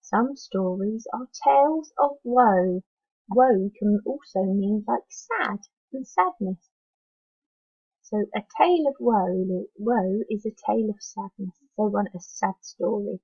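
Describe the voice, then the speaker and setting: A woman teacher leading a phonics lesson for young children, slowly sounding out letters one at a time and encouraging them to join in. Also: mid-range voice, dark tone, breathy edge, no echo, dull audio. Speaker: primary school teacher.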